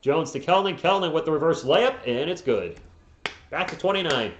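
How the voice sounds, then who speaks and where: A man's voice: fairly high pitch, expressive, normal speed, slight background noise. Casual man calling a live stream game. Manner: casual, chuckling, reads viewer comments between plays. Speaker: live stream play-by-play host. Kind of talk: fan play-by-play commentary with chat replies. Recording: roomy, slightly dull home stream audio.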